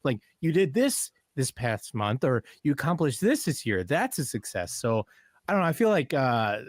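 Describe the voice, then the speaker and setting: A man contributing from a studio, talking in a relaxed, hesitant way with many fillers. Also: mid-range voice, moderate pace, no room sound. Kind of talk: casual radio chat.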